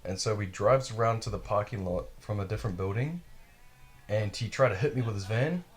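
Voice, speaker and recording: Podcast host, man, lowish voice, loose, swearing storyteller who acts out the people in his story. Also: a little fast. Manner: profane, animated, acts out quotes. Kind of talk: casual storytelling.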